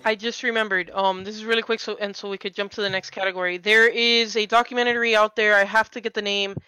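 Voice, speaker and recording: A woman co-hosting a game podcast in a casual, eager ramble, full of quick asides. Her voice is bright and crisp. It sounds dry and close, with no room echo. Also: mid-range voice, little pitch movement. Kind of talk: casual game-discussion chat.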